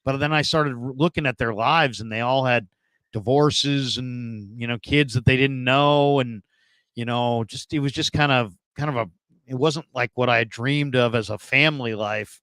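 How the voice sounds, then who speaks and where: Smooth-voiced man in his fifties. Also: medium pitch, moderate pace, fairly bright tone, no room sound. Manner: rambling, many fillers and restarts. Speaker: guest, former NFL scout turned radio host. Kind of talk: casual storytelling interview.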